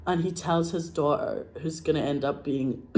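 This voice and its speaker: Scottish woman, excitable, lots of "like", swears a lot, slightly throaty. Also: low-pitched, unhurried. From Scotland. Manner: excitable, gushing, swears freely, many "like"s. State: frog in her throat. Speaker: actress. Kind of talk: casual monologue.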